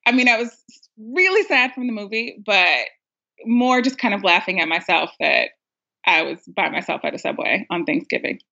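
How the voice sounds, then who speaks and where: A woman's voice: medium pitch, lively intonation, moderate pace, vocal fry, bright, forceful tone. A young woman telling a story in casual talk, laughing often and poking fun at herself. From United States. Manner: laughing often, self-mocking. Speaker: caller. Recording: dull lo-fi sound.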